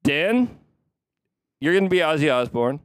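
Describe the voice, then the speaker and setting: Upbeat podcast host setting up bits. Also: male voice, a little high, very animated, a little slow, a bit bright, no room sound. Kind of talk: casual improv comedy chat.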